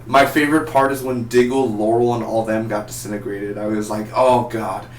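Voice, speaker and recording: A man's voice: on the low side, a little fast. Rambling young man, echoey room. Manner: rambling, animated, acts out characters' lines. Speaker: TV episode reviewer. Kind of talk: casual review vlog. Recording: echoey room, distant mic, faint hum.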